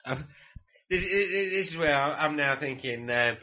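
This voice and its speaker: A man playing along in a casual podcast film quiz, rambling and thinking out loud. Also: fairly high pitch, lively intonation, normal speed, highs cut off. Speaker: quiz contestant.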